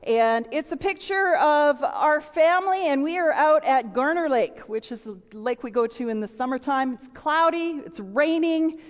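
A middle-aged woman giving a storytelling sermon to a room of listeners, animated and acting out voices and sound effects. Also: sits high, normal speed, hardly any pauses. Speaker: women's speaker. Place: large room with audience. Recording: dull, with long hall reverb.

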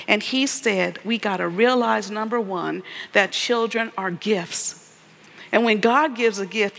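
A woman's voice: fairly high pitch, fairly bright tone. A woman giving an earnest, preacherly testimony, calling out to her audience for responses. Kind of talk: sermon-style testimony. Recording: long hall reverb.

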